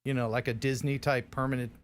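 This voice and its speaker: A man's voice: mid-range voice, little pitch movement, fast talker, a little hiss or hum. A man hosting a casual live stream, joking and blunt as he chats with guests. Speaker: host.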